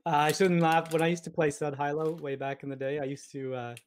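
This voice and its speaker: A man's voice: a little high, flat delivery, fast talker, a little hiss or hum. A man chatting casually over an online poker game and laughing easily. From Canada. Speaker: poker streamer.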